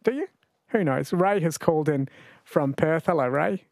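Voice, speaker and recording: Man, radio quiz host, slightly high voice, dry close studio sound, chatty and laughing. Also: expressive, vocal fry, darkish tone, dry recording. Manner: chatty, laughs often, reads quiz questions slowly. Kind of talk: late-night radio quiz chat. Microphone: studio microphone.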